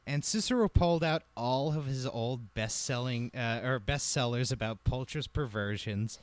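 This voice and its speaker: A man telling a comedic history story on a podcast, wry and profane, with lively delivery. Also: medium pitch, normal speed, no echo.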